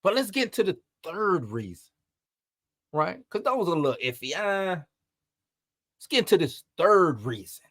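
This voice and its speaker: A man hosting an entertainment news commentary, talking in an animated, emphatic way and piling up rhetorical questions. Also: high voice, a little slow, long pauses, dry recording, studio quality. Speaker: host.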